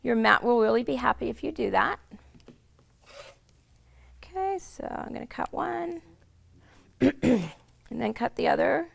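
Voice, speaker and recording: A chatty woman walks through a quilting demonstration, explaining each step as she goes. Her voice is hoarse and rough with heavy fry, set a little high. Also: very animated, a little slow, pauses often. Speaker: quilting instructor. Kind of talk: casual sewing demonstration.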